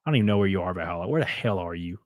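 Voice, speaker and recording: A man's voice: low-pitched, animated, rapid-fire, a little mellow, no room sound, studio quality. A man hosting a livestream, talking loosely to his chat with plenty of swearing while he sets up guests. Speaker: host.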